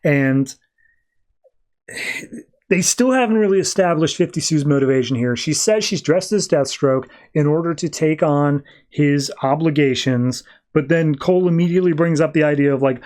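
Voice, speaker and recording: A man's voice: a little high, normal speed, a little mellow. Man casually recapping comics. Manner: rambling, slips into quoted voices. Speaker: podcast host.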